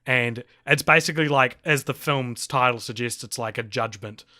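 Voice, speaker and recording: A man's voice: medium pitch, normal speed, pushed and bright. A man co-hosting a podcast, recapping a horror film in rambling casual chat with fillers and restarts. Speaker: podcast co-host.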